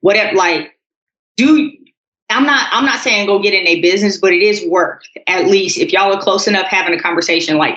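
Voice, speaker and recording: Casting: woman co-host, calm storyteller, echoey, slightly dull podcast audio. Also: medium pitch, normal speed. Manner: calm, storytelling, addresses listeners as y'all. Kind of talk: casual political chat.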